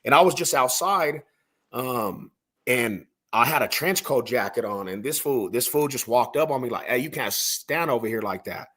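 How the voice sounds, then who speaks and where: Husky-voiced man telling street stories. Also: mid-range voice, animated, moderate pace, fairly bright tone. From Denver, Colorado. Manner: slangy, rambling, peppered with "bro" and "homie". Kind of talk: casual podcast storytelling.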